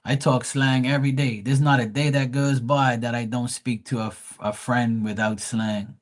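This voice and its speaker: A man from Bermuda with a Bermudian accent, chatting casually on a live stream, animated and full of slang. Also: mid-range voice, normal speed. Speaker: live tarot reader.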